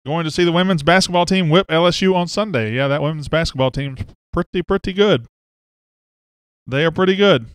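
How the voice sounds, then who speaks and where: This sports podcast host from Mississippi chats casually on a live stream, reading out comments from viewers through his webcam mic. He speaks briskly in a fairly high pitch, and his voice comes across clear and resonant in a dry recording.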